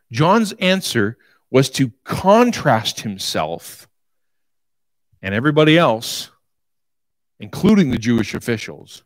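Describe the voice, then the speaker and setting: A man preaching a sermon, retelling a scripture story in an animated, storytelling way. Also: medium pitch, no room sound.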